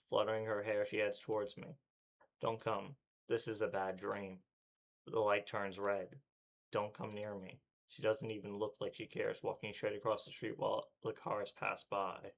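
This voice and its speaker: A man's voice: fairly low pitch, creaky. A male streamer reading a visual novel aloud with dramatic delivery, acting out panting and breathlessness.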